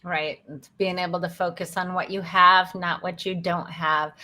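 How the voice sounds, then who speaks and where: A woman's voice: fairly low pitch, little pitch movement, moderate pace, bright, forceful tone. A woman hosting a podcast, speaking in an emphatic, motivational coaching manner. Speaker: podcast host. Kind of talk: podcast interview.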